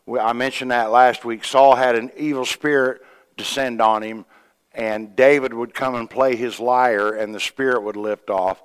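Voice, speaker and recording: A man's voice: medium pitch, smooth, big-room sound. A man preaching a sermon, retelling a scripture story in a folksy way with quoted voices and asides to the church. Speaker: pastor.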